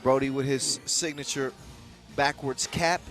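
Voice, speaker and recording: A man giving energetic live commentary at a basketball event, casual and full of slang. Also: mid-range voice, a little slow, faint music behind.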